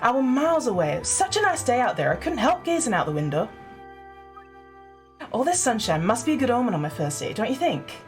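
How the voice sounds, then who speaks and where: A chirpy young policewoman with a broad Yorkshire accent, voiced by a woman reading a game on stream. She sounds eager and a little scatterbrained, pitched a touch high and lively, with soft game music under her. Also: a little fast. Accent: Yorkshire, put on. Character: cheery young woman detective constable. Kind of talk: game dialogue read aloud on stream.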